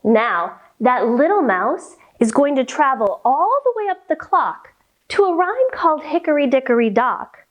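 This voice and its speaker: Female kids-yoga teacher, high and bouncy voice, slow and playful, with animal noises. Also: sing-song. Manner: playful, sing-song, makes animal sounds. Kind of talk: guided kids yoga lesson.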